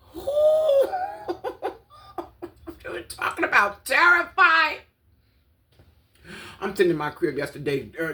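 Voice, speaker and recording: A woman, telling a casual, animated story in a vlog from her apartment, swearing, laughing and exclaiming dramatically. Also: lowish voice. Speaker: vlogger.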